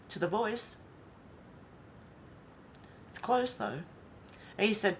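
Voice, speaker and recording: A woman's voice: fairly low pitch, animated, unhurried, long pauses, slight background noise. An Australian woman vlogger reading social media posts aloud and commenting on them in a chatty, wry way. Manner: chatty and wry, with sighs and asides.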